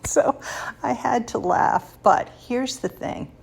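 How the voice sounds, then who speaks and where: A woman's voice: fairly high pitch, slow pace, gravelly, breathy edge. A woman in her sixties hosting a faith podcast, sharing personal stories in a confiding way and laughing lightly between thoughts. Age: 60s. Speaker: podcast host.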